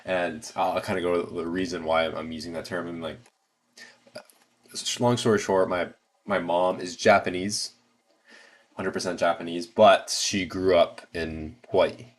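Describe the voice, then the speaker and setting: Speaking a little slowly, a man from the United States hosts a casual livestream in a low-pitched, steady tone. His American-accented talk wanders, packed with fillers and false starts.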